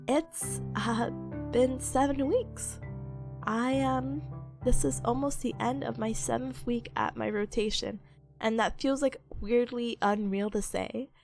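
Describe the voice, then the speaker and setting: A young woman chatting casually on a stream, sick with a nasal, hoarse voice, giggly and rambling. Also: fairly high pitch.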